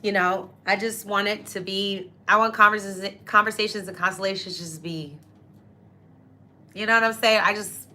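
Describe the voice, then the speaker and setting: In a pushed, bright, medium-pitched voice with fairly even intonation, a young woman hosts a casual astrology livestream at a normal pace, with a little hiss or hum in the background. She addresses her viewers directly, effusive, grateful, and teary with happiness.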